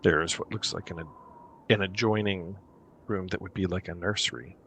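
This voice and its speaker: A man running a tabletop game as dungeon master, describing scenes slowly with many pauses. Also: deep voice, steady tone, a bit bright, husky.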